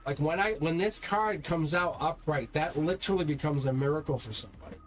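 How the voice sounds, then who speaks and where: A man's voice: a little high, a little fast. A man giving a live-stream tarot reading, speaking straight to viewers in a rambling, repetitive way and swearing when he gets heated. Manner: rambling, repeats words and restarts. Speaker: tarot reader.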